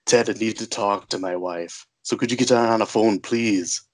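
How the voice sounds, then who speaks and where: A man's voice: lowish voice, fairly even intonation, moderate pace, lightly acted. A man doing an impression of an irritated husband with a heavy accent, speaking in curt, clipped demands.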